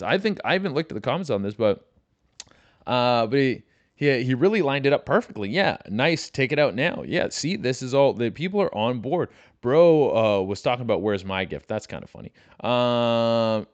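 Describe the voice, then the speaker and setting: A young man hosting a comedy podcast, ranting loosely with lots of swearing and quick put-on voices. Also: medium pitch, lively intonation, dry recording. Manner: loose, profane, riffing with mock voices. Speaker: podcast host. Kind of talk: casual comedic rant.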